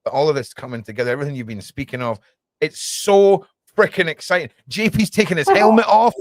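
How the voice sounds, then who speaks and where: A man hosting a casual livestream chat, rambling and joking excitedly. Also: fairly high pitch, fast talker, no echo. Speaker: podcast host.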